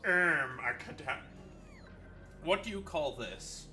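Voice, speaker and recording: Man, game streamer, casual commentary, bright tone, lively pitch, faint music behind. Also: slow pace. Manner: laughs often, swears casually, trails off mid-sentence.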